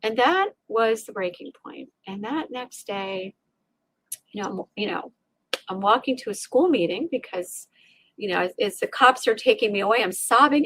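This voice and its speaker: On a podcast, a middle-aged resilience coach shares an emotional story from her own life, animated and voicing her inner thoughts aloud while often restarting. Her pitch is medium and her pace moderate, and the recording is dry.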